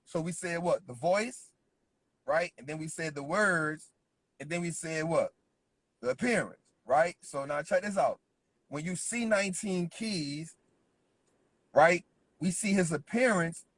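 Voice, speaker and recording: A man's voice: fairly high pitch, expressive, unhurried, pauses often, a bit bright. A man giving a motivational business talk, driving points home emphatically and checking in with "right?" after nearly every phrase. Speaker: business speaker.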